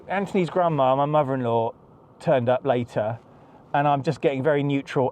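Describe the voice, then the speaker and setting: Middle-aged man, podcast host, stressed and agitated, swearing rant in a fairly high voice. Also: moderate pace, darkish tone, slight background noise. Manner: angry, heavy swearing, repeats himself. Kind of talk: ranting monologue.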